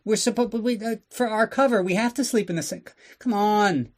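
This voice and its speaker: A man's voice: high voice, brisk, voice pushed up, natural voice. A man putting on a whiny grown man who pleads and pouts like a sulking child. The voice climbs well above his usual register and drags out the begging. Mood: whining.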